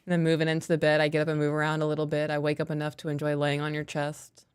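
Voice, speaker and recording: A talkative woman podcast co-host with a smooth, fairly low voice. She chats casually and reads listener emails aloud, laughing easily. The sound is dry and close, with no room echo. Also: monotone, very fast. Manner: chatty, playful, laughs easily.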